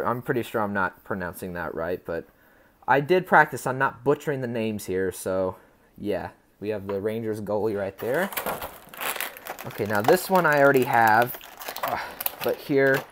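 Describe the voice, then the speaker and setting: Hosting an unboxing channel, a man with a lowish voice talks to his audience in an upbeat, rambling way, tripping over player names along the way. A little hiss or hum can be heard.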